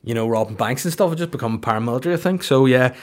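A young man riffs through a comic podcast monologue, loose and crude. He wanders from bit to bit and keeps breaking into goofy put-on voices. His pitch sits in an ordinary middle range for a man. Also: animated, rapid-fire. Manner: rambling, crude, acts out silly voices. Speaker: podcast host.

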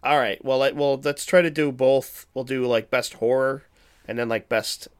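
A man's voice: medium pitch, fairly even intonation, moderate pace, smooth. A man hosting a podcast in casual chat, laughing often and swearing freely. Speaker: podcast host.

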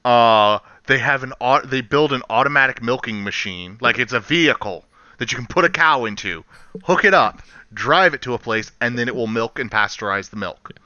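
A man chatting casually on a podcast, rambling and animated, laughing often. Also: medium pitch, moderate pace, no echo, lo-fi sound. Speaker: podcast co-host. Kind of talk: casual chat.

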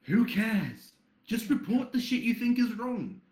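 A man's voice: extremely high pitch, sing-song, a little slow, a little mellow, roomy sound. A man who moderates a site, chatting bluntly on a podcast and swearing freely as he rambles along. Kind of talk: casual podcast chat.

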